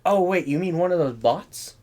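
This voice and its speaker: A young man co-hosting a podcast, making dry, deadpan, teasing remarks. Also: sits high, moderate pace. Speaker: podcast co-host. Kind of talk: casual chat.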